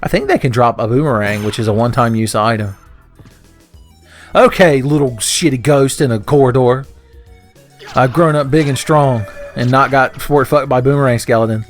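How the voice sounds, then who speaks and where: A man's voice: medium pitch, normal speed, faint music behind. A man giving casual gameplay commentary, joking, swearing and laughing often. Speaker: let's play commentator.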